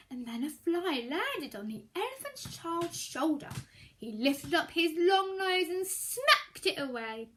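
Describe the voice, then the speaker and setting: A woman's voice: very high voice, very animated, takes it slowly, a bit bright. A woman reading a children's story aloud at storytime, expressively, and stopping to explain words for young listeners. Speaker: storytime reader.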